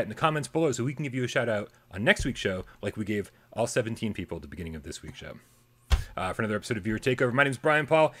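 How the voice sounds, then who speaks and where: A man's voice: on the low side, expressive, racing, a bit bright. A man hosting a casual gaming podcast, chatting loosely and breaking into playful mock rants. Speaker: podcast host.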